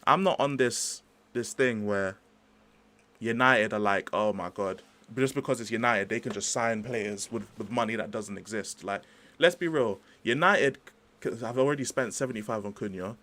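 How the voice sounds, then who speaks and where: A man's voice: mid-range voice, normal speed. Slangy young man ranting on stream. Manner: chatty, slangy, rambling, animated. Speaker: livestream host. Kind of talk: casual livestream football rant.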